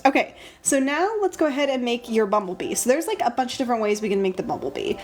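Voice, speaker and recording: A woman's voice: fairly high pitch, animated, fast talker, faint music behind. A woman chatting casually and thinking aloud as she draws on a live stream, with frequent ums. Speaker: digital artist streaming live. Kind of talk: casual live-stream chat while drawing.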